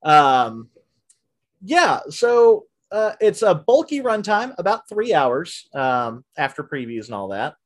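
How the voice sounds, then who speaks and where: A man hosting a casual podcast, reviewing a film with lots of fillers and restarts, and breaking into animated rants. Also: a little high, slow. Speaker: podcast host. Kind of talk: casual movie review chat.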